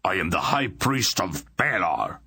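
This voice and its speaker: A man playing a pompous, blustering high priest who speaks with haughty indignation. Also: lively intonation, slow, gravelly, bright, forceful tone, husky, dry recording, studio quality, heavily acted. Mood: indignant.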